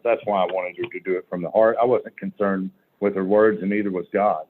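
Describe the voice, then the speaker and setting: Man telling recovery stories, low voice, salty and blunt, tinny phone-line sound. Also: fairly even intonation, fast, hardly any pauses, slight background noise. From Oklahoma. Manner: blunt, salty, acts out quoted dialogue. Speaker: recovery workshop speaker. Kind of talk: folksy storytelling recovery talk. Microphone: video call.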